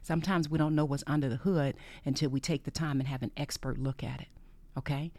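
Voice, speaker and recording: Speaking at a slightly quick clip, a podcast host offers a heartfelt monologue about faith, leaning on repeated phrases and frequently sinking to a breathy whisper. Her mid-range voice holds a steady, somewhat dark tone, captured in a dry recording.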